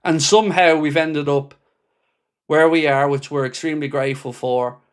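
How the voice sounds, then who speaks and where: A man with a somewhat high voice hosts a football fan livestream. He reads viewer comments aloud and answers them bluntly and with passion, swearing freely as he goes. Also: steady tone, normal speed, smooth. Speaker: football fan channel host. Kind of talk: livestream reaction chat.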